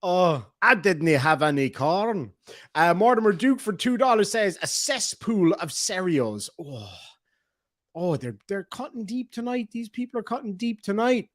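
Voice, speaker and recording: A man's voice: sits high, expressive, normal speed, a bit bright, no room sound. Chatty man on a dry mic. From Ireland. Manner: chatty, joking, reads donations aloud. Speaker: livestream host. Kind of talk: casual livestream commentary.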